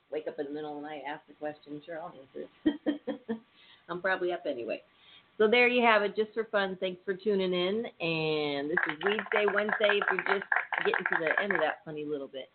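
A chatty radio host rambles through the show's news in a relaxed, informal way. The voice sits at a middle pitch and comes through thin and phone-like, with a faint hiss behind it. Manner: chatty, rambling, laughs easily. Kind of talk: casual radio chat.

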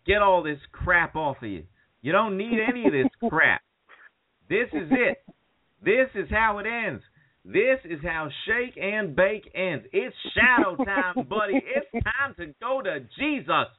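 A man's voice: high-pitched, sing-song, measured pace, pitched above the performer's own voice, exaggerated voice. A man doing an impression of a goofy young buddy pleading at a friend's sickbed, in a put-on drawl. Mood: frantic pleading. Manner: pleading, rising to frantic yelps. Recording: phone-like call audio.

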